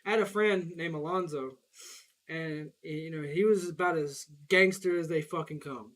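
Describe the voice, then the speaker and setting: A man's voice: fairly high pitch, normal speed, fairly bright tone. A young man with a Southern US accent, rambling in casual, profane chat while he plays a game, laughing often. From Southern United States. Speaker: gaming streamer.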